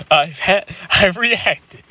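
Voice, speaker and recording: A man's voice: high-pitched, expressive, drawn-out words, breathy edge, no echo. A young man giving casual gameplay commentary as a reaction host, coaching the player and stumbling over repeated fillers. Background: loud game music.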